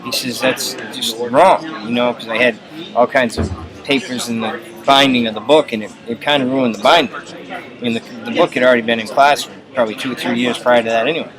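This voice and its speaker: A man's voice: medium pitch, steady tone, fast, over music, rough recording. A man casually telling rambling personal stories, full of "you know" fillers. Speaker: storyteller. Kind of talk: casual anecdotes.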